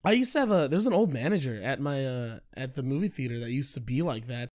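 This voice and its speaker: A man's voice: mid-range voice, lively intonation, quick pace, darkish tone. A young man co-hosting a casual podcast, telling stories with lots of laughs and mimicked quotes. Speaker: podcast co-host. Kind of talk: casual chat.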